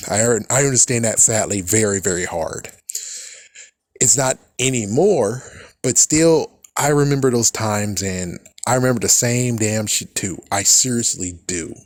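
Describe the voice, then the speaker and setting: A man's voice: lowish voice, animated, a little slow, no room sound, studio quality. A young adult man giving casual reaction commentary, rambling and swearing freely with frequent laughs. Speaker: reaction video host.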